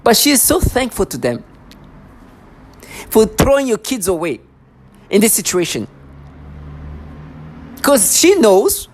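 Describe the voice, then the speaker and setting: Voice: mid-range voice, wildly swooping pitch, moderate pace, long pauses, slight background noise. A vlogger ranting to camera in an agitated, accusatory way, full of sarcasm and stammered restarts.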